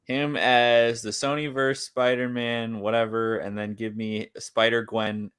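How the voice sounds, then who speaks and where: A man co-hosting a casual movie review podcast, adding brief, measured comments. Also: mid-range voice, flat delivery, fairly bright tone, clean tone, dry recording, studio quality. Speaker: podcast co-host.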